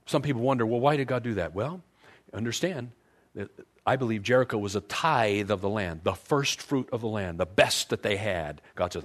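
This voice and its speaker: A middle-aged pastor preaching a sermon, retelling Bible stories and briefly acting out the figures in them. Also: male voice, mid-range voice, expressive. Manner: storytelling preacher who acts out biblical figures in quick voices.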